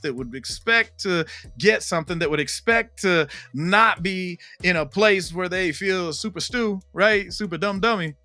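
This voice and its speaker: This man has a fairly high pitch and a sharp tone. In his role as minister, he offers a casual devotional teaching, chatting in slangy fashion, asking "right?" often, and repeating points emphatically as he tells stories.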